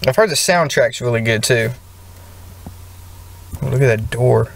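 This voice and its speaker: A man's voice: medium pitch, a little slow, creaky, long pauses, a little hiss or hum. A man playing a video game and chatting casually as he reacts to what happens on screen. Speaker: let's play gamer. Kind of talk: casual gameplay commentary. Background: game music.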